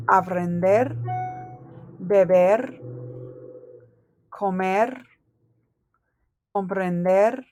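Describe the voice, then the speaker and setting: A woman's voice: mid-range voice, warm tone, no room sound, clean studio sound. A woman teaching a recorded language lesson, patiently spelling out verb endings letter by letter. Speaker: Spanish teacher.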